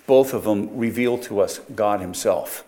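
A man's voice: lowish voice, measured pace, warm tone. Man teaching a Bible study. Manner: explanatory, with frequent rhetorical questions and self-corrections.

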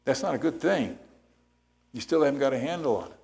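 A man's voice: mid-range voice, animated, fairly quick, creaky, pauses often, a little mellow. A man preaching a sermon as pastor, explaining scripture step by step and checking in with rhetorical questions.

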